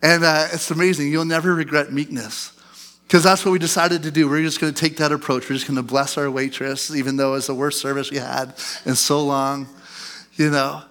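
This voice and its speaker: A man's voice: on the high side, little pitch movement, a little fast, fairly bright tone. A man in his thirties, a pastor preaching a sermon in a conversational storytelling way, often asking the congregation questions.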